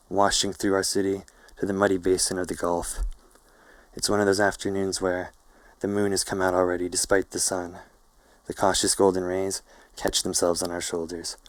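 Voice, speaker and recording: A man narrating a novel in a calm, measured, literary reading. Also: sits low, no room sound. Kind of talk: audiobook-style novel reading.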